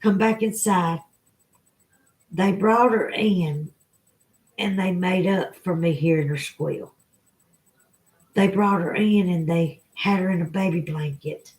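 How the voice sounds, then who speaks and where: A middle-aged woman with a Southern accent chats with her livestream viewers and tells an emotional personal story, tearful at times. Her fairly low, darkish voice moves slowly with long pauses.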